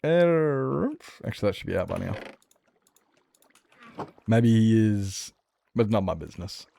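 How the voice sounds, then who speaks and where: A man's voice: on the low side, big pitch swings, unhurried, gravelly, warm tone. A man streaming a game, chatting casually in a rambling way, answering chat with many restarts. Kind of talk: casual chat while gaming.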